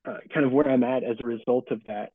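A middle-aged man answering interview questions as a book's author, casual and halting, with many restarts and fillers. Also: medium pitch, fairly even intonation, no room sound. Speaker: author and guest. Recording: tinny phone-like call audio.

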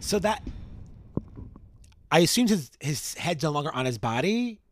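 A man's voice: fairly high pitch, big pitch swings, a little slow. A man co-hosting a podcast, reading an old newspaper account aloud and asking blunt questions. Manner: reacts with laughs and blunt questions. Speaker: podcast co-host. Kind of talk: casual chat and reading aloud.

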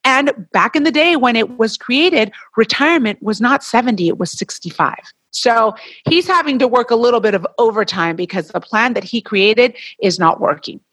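A woman hosts her podcast alone in a casual, chatty style. Her fairly high voice rises and falls a great deal as she talks. The sound is dry and close, with no room echo. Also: normal speed. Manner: animated, chatty, gets heated and laughs at points. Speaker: podcast co-host. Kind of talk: casual solo podcast talk.

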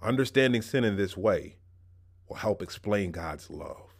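A man with a somewhat low voice delivers a sermon in a conversational tone. He mixes casual slang into his teaching, slowing down to stress key ideas and speeding through asides. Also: expressive, gravelly. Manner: uneven pace, slowing for emphasis and rushing asides. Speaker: pastor.

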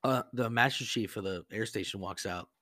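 A man's voice: on the low side, a little fast, sharp tone, no echo, studio quality. A man hosting a podcast, telling rambling service stories in a casual, profane way and laughing often. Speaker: podcast host. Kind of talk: casual storytelling chat.

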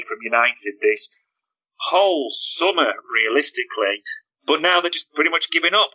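Male podcast co-host, mid pitch, very bright forceful tone, animated chat. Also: poor audio. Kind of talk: casual football podcast chat.

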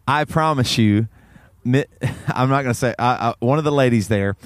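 A man's voice: normal speed, dry recording. A man, co-hosting a podcast, telling a story in casual chat and laughing through it. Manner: animated, laughs through the story, voice jumps high when excited. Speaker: podcast co-host.

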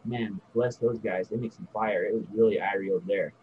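A man's voice: lowish voice, steady tone, fairly quick, a little hiss or hum. Man, casual storyteller, laid-back, rambling, dull lo-fi recording, faint ambience. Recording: dull lo-fi audio.

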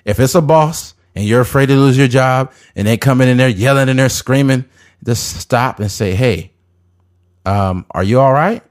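A man's voice: medium pitch, moderate pace. A man in his thirties hosting a podcast in casual chat, blunt, profane and emphatic. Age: 30s. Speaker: podcast host.

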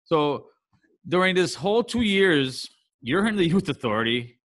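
Man, podcast host, bright tense voice, profane probing questions. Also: on the high side, very animated, normal speed. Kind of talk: casual interview.

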